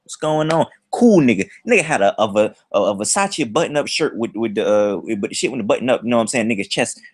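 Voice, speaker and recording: Brief: young male streamer, slangy and animated, pitch jumping all over while he tells stories. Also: quick pace, slightly rough, dry recording. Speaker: livestream host. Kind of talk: casual livestream storytelling.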